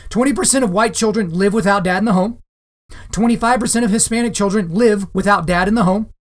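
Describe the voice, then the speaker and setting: A man's voice: high voice, fast talker. A man hosting a solo podcast monologue, talking to his listeners in an emphatic way and repeating phrases for stress. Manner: direct, addresses listeners as guys. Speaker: podcast host.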